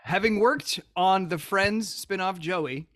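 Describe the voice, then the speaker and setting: A man's voice: high voice, slow pace, fairly bright tone. A man co-hosting an interview show, easygoing as he puts questions to the guest. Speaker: co-host. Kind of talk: casual interview chat.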